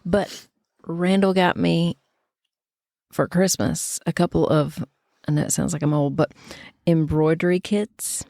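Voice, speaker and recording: A woman's voice: low-pitched, fairly even intonation, a little slow, vocal fry, dark tone, dry recording, clean studio sound. A middle-aged woman co-hosting a podcast, chatting casually, laughing often and slipping into playful put-on voices. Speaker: podcast co-host. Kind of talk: casual chat.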